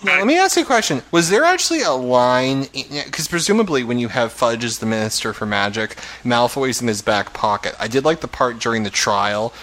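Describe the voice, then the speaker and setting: A man's voice: mid-range voice, big pitch swings, a bit bright, low-quality recording. A man hosting a casual podcast chat, rambling and laughing easily as he talks. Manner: rambling, quick to laugh, chatty. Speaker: podcast host.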